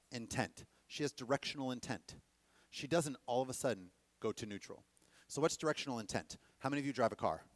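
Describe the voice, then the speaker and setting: A man teaching a dance workshop to a class, animated and often checking that the students are following. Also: medium pitch, dry recording. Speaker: dance instructor.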